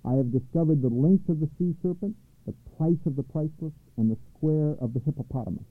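A man plays a pompous, nearsighted royal mathematician, raised and emphatic in pitch. He reels off his points precisely and at length, over a dry, phone-like line. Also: fairly quick, no room sound, close to an everyday voice. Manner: pompous, long-winded and precise. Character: fussy nearsighted royal mathematician, self-important.

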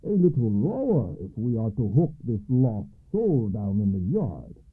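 An excitable teller of tall tales, put on by a storyteller, a man who exclaims everything in a raised, lively voice. The sound is thin and phone-like. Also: on the low side, measured pace, husky, faint music behind, heavily acted. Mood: ordering.

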